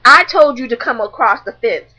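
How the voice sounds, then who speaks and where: A woman imitating a defiant, bratty eighteen-year-old girl who mouths off, in a shrill, whiny way. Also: lively intonation, moderate pace, bright, forceful tone. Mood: taunting, defiant.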